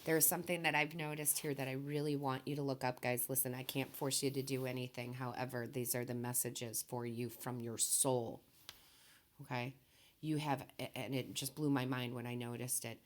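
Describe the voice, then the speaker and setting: Soft-spoken, tearful woman tarot reader. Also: extremely low pitch, steady tone, moderate pace. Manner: soft-spoken, emotional, reassuring, says okay often. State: tearful, voice low and quiet. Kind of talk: emotional tarot reading.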